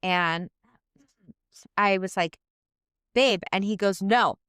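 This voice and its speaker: A woman's voice: mid-range voice, fairly even intonation, slow, a bit bright, smooth, no echo, studio quality. A woman co-hosting a podcast in casual chat, speaking candidly, swearing freely and acting out quarrels in quoted voices. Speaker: podcast co-host.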